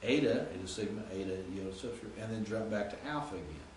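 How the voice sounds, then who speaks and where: A man's voice: lowish voice, quick pace, roomy sound, a little hiss or hum, rough recording. A man teaching Greek grammar in a classroom lecture, explaining and reciting word forms.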